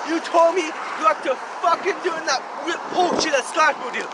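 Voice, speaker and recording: A man's voice: very high voice, normal speed, very noisy. A man throwing brash insults and goofy comebacks in crude joking banter.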